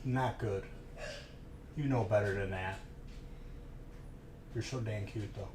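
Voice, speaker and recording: A man's voice: lowish voice, slow, noisy background. A man with a stuffy nose chatting casually on a live stream while opening trading card packs and thanking viewers.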